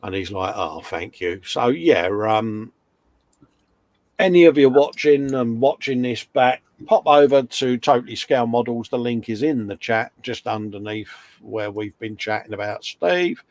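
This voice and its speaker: A man's voice: mid-range voice, unhurried, a little mellow, no room sound. Middle-aged guy doing a chatty live stream, reads out comments, punny, dry close sound. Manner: chatty, reads viewer comments aloud, fond of puns. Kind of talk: casual live-stream chat.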